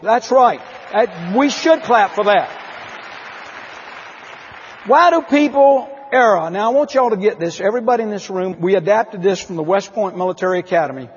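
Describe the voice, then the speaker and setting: A man with a husky, rather high voice delivers an emphatic keynote talk at a conference. The recording is dull and lo-fi, with a long reverb from a large hall. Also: brisk, a faint crowd. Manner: emphatic storytelling, asks the audience questions. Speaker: motivational speaker at a company conference.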